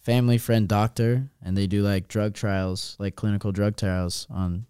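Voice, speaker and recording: A young man from Austin, Texas, co-hosting a student podcast in relaxed chat full of fillers. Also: lowish voice, normal speed, clear, resonant tone, no room sound, studio quality. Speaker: co-host.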